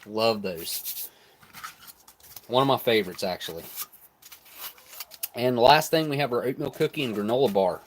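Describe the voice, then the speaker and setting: A mid-range male voice at a moderate pace, with frequent pauses and a slight hiss or hum in the audio, reviews old military rations during a live stream tasting. He chats casually and relaxed, talking while he chews.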